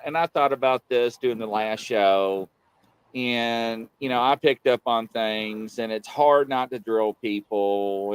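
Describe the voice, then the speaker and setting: Male host, rambling live-chat storyteller with a lively, dry-sounding delivery. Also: mid-range voice, clean tone, no room sound. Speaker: livestream show host. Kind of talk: casual live-show chat.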